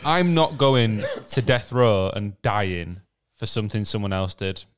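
A man's voice: lowish voice, unhurried. A man co-hosting a podcast in casual chat, rambling and laughing often, swearing now and then. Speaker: podcast co-host.

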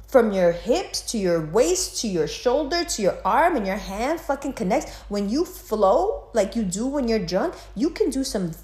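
Profane, ranting woman in an echoey room. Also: mid-range voice. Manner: profane, animated, mocking impressions. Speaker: podcast host. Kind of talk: casual ranting commentary.

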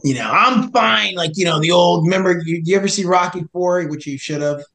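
Young male podcast guest, animated storyteller, roomy echo. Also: high voice, fairly quick. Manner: animated, acts out both sides of dialogue. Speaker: podcast guest, search and rescue hiker. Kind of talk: casual storytelling.

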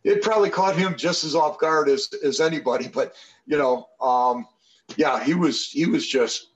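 A man's voice: fairly high pitch, moderate pace, rough recording. A man in his sixties, a podcast guest, telling long anecdotes in a rambling way with many fillers and restarts. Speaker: podcast guest, former football player. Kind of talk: casual storytelling interview.

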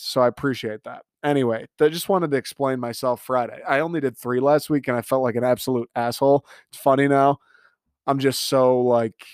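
A man in his twenties with a mid-range, darkish, clear and resonant voice is recorded in a dry, clean studio. He hosts a casual solo podcast, rambling sarcastically with self-mocking asides. He has the hiccups, and they keep bothering him.

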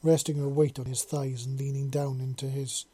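A man narrating a storybook chapter in a calm, unhurried, even way. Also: mid-range voice, slightly rough. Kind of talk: storybook reading.

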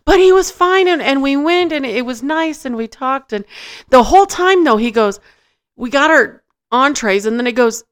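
A woman's voice: sits high, expressive, moderate pace. A woman on a podcast telling a funny story in casual chat, acting out quotes, laughing often and swearing. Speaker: podcast co-host.

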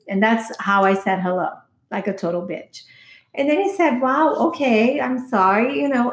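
A woman's voice: mid-range voice, darkish tone. Woman telling a wild dating story, swears a lot, acts out the dialogue, echoey room. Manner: candid, profane storytelling with quoted dialogue. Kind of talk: casual chat.

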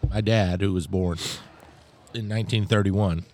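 A man's voice: low-pitched, fairly even intonation, a little slow, darkish tone, slight background noise. A middle-aged man co-hosting a podcast, telling stories in a dry, casual way. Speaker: co-host. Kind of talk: casual chat.

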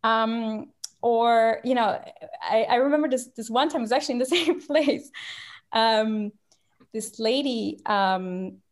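Lively Romanian-born woman telling stories. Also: fairly high pitch. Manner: animated storytelling, frequent restarts and fillers. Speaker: guest. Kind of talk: conversational interview.

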